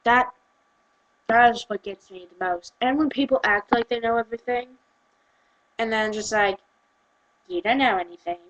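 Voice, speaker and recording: A young woman from the UK, ranting on camera in an exasperated, animated way. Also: a little high, normal speed, long pauses, highs cut off. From United Kingdom. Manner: exasperated, animated, switches into mocking quoted voices. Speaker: vlogger. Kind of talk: casual ranting vlog.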